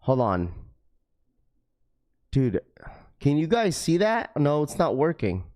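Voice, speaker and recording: A man's voice: fairly high pitch, wildly swooping pitch, takes it slowly, darkish tone. A man hosting a casual livestream, greeting viewers by name. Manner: laid-back, many fillers, greets viewers by name. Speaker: livestream host.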